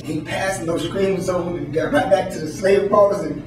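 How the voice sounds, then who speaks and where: A man telling a story live, halting with ums and restarts. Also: high-pitched, steady tone, background noise. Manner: halting, many ums and restarts, laughs nervously. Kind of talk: live spoken-word storytelling. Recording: echoey room, distant mic.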